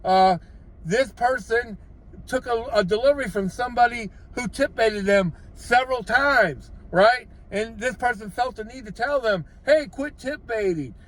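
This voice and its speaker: A man's voice: very high-pitched, normal speed, a bit bright. An older man, a gig delivery driver, giving blunt, exasperated advice in a casual vlog from his vehicle. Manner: blunt, exasperated, lecturing with rhetorical questions.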